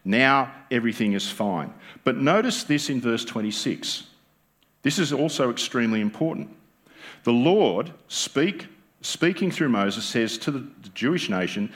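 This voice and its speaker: A man's voice: mid-range voice, animated, unhurried, a bit bright. An Australian man preaching a sermon as pastor, conversational and joking with the congregation, often asking them rhetorical questions. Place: church.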